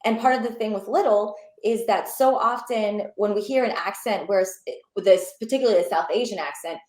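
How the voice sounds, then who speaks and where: A young adult woman, an actor, chatting as a guest in an interview, enthusiastic and animated with many fillers. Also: mid-range voice, roomy sound. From Pakistani and Bangladeshi heritage. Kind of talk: casual interview chat.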